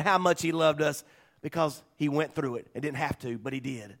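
High-voiced preaching pastor, man. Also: moderate pace, gravelly. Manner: swings between loud preaching and quiet asides. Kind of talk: sermon.

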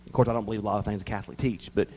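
A man preaching a sermon in a folksy way, repeating words for emphasis and swinging between loud emphatic bursts and quiet asides. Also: fairly low pitch, level tone, rapid-fire, slight background noise, low-quality recording.

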